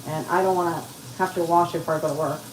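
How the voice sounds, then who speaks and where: A woman's voice: lowish voice, steady tone, rapid-fire, a little hiss or hum. A woman hosting a casual cooking livestream from her home kitchen, chatting with viewers as she cooks. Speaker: livestream host. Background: frying and sizzling in a kitchen.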